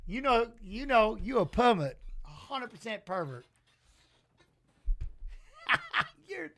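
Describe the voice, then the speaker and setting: A man hosting a live-stream watch-along, giving casual fight commentary in an excitable, slangy way and teasing the chat. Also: high voice, slow pace, creaky, long pauses.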